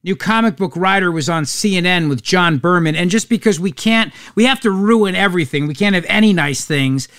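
A man's voice: sits high, animated, fairly quick, hardly any pauses, a bit bright, dry recording, clean studio sound. A man hosting a talk show, giving opinionated commentary in a sarcastic, mocking manner. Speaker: radio talk show host.

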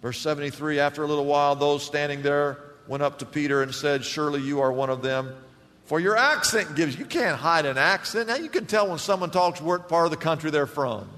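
A pastor preaches to his congregation, pausing to let them finish his questions before climbing to forceful, emphatic peaks. His voice sits a little high for a man. The sound carries the long reverb of a big church hall. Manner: asks the congregation fill-in questions, builds to loud emphatic peaks. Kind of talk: sermon.

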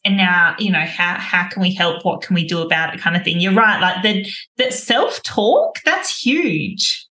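A woman host with a bright, forceful voice chats reflectively, agreeing readily and building on her guest's points. The room around her rings with a clear echo. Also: medium pitch. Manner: agreeable, reflective, lots of affirming "yeah". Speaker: podcast host. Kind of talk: casual podcast conversation. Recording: roomy echo.

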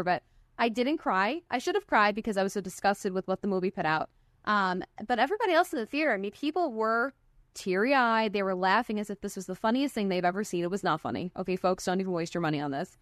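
A woman's voice: mid-range voice, animated, fast talker, dry recording, studio quality. A young woman guest on a podcast, blunt and sarcastic in casual chat. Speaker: guest reporter.

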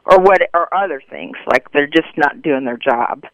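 Brief: male caller, clear higher voice, hesitant, heard over a dull phone line. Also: expressive, normal speed, no echo. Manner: hesitant, fillers, venting. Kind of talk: call-in complaint.

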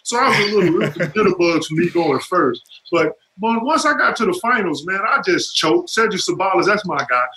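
A man's voice: high-pitched, expressive, fairly quick, hardly any pauses, sharp tone, slight background noise, rough recording. A man in his fifties, a former pro basketball player, telling stories as a podcast guest, laughing often and using salty slang. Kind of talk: casual interview chat.

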